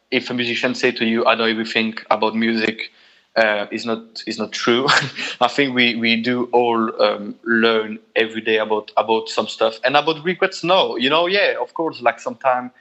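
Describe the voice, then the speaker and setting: A Belgian man with a French accent, a guitarist chatting in an interview, halting and repeating words, laughing often. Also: mid-range voice, fairly even intonation, sharp tone, highs cut off. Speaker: guitarist guest. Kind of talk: casual interview chat.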